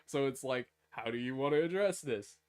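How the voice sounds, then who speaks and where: A man's voice: medium pitch, moderate pace, clean tone. A man from the American South co-hosting a podcast, joking, laughing often and swearing casually. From Southern United States. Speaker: podcast co-host. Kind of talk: casual chat.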